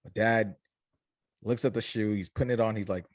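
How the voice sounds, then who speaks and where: A young adult man, a company founder, telling his story in an interview, animated and acting out family voices. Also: fairly low pitch, brisk, no echo, clean studio sound.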